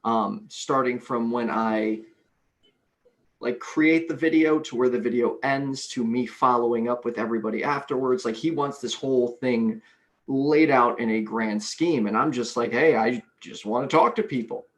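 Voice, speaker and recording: A man's voice: mid-range voice, moderate pace. A man in a casual group chat giving a laid-back, rambling explanation of his channel. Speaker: atheist YouTuber.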